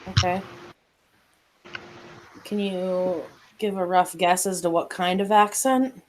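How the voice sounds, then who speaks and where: A woman with a mid-range voice speaks slowly and haltingly, trailing through filler sounds as she questions a witness and sums up clues during a tabletop game. A faint hiss runs underneath. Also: fairly low pitch, steady tone, a little mellow, rough recording. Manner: hesitant, many fillers, questioning. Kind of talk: casual tabletop game play.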